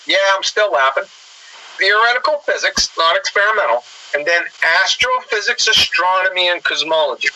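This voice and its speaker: A man's voice: high voice, expressive, normal speed, sharp tone, a little hiss or hum, rough recording. A man giving a sarcastic, lecturing commentary that mocks his targets.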